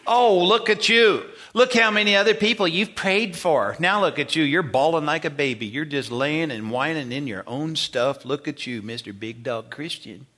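A man's voice: fairly high pitch, normal speed, few pauses, sharp tone, pitched above the performer's own voice. A man voicing a scornful male tempter who mocks and sneers. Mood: mocking. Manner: sneering, mocking.

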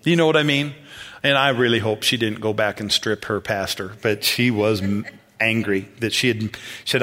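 A pastor preaching a sermon in a church, telling stories in a relaxed, conversational way and chuckling often. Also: male voice, on the low side, normal speed.

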